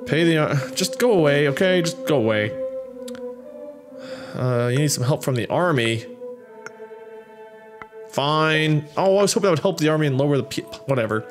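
A man's voice: fairly high pitch, expressive. Chatty young man over game music. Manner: chatty, wry, bouncing between reading and quick reactions. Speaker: gameplay commentator. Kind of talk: casual let's-play commentary, reading game cards aloud. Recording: game music playing behind the voice.

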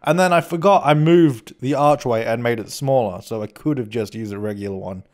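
A man's voice: mid-range voice, fairly quick, darkish tone. A young man giving a chatty, rambling voice-over commentary on a building game, often restarting his sentences and teasing himself. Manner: chatty, rambling, self-mocking, frequent restarts. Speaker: game channel host.

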